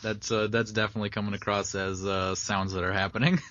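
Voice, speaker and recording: A man's voice: on the low side, little pitch movement, quick pace, fairly bright tone, dull audio. A man co-hosting a casual podcast chat in a joking, teasing way. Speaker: podcast co-host.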